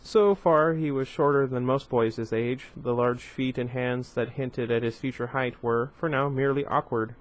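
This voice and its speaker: A man with a slight lisp reading a novel aloud at a middling pitch. He drops in chatty little asides between passages in a casual home reading. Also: steady tone, moderate pace, hardly any pauses. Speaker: book reader.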